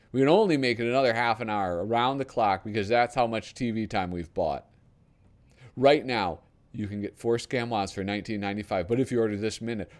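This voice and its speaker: A man putting on a brash TV pitchman. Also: natural voice. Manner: pushy, hard-sell patter. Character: brash fast-talking male TV pitchman. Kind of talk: reading a parody ad aloud.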